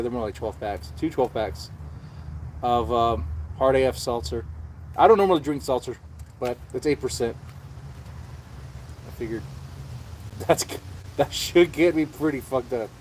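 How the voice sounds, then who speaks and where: A man's voice: medium pitch, animated, measured pace, pauses often, darkish tone, slight background noise. A man hosting a casual livestream, rambling and swearing freely as he chats. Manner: rambling and profane, with frequent restarts. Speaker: livestream host.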